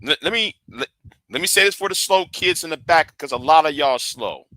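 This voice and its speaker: A man's voice: on the high side, animated, brisk, sharp tone, no room sound. A man hosting a livestream rant, lecturing his viewers and often repeating and restarting his phrases. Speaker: livestream host.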